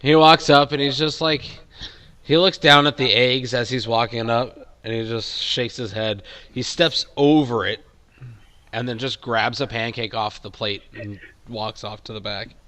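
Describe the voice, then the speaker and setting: A man's voice: mid-range voice, steady tone, measured pace, bright, forceful tone. A young man narrating a tabletop game as game master, casual and rambling with fillers.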